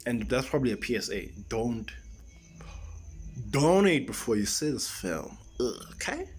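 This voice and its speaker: A man's voice: mid-range voice, very animated, a little slow, husky. A man giving a casual, rambling film review, exasperated and full of restarts and rhetorical questions.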